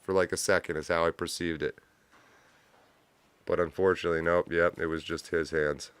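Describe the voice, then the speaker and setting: A man's voice: sits low, steady tone, moderate pace, a bit bright, smooth. A man hosting a live stream, giving blunt, profane reaction commentary from a home studio, close on a mic with a pop filter. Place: home studio with a cat nearby.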